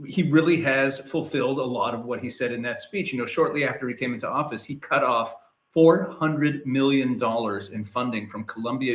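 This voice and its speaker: A man's voice: mid-range voice, a bit bright. A man, a rabbi, giving conversational commentary over a video call, explaining points with frequent fillers. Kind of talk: casual commentary. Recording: roomy echo.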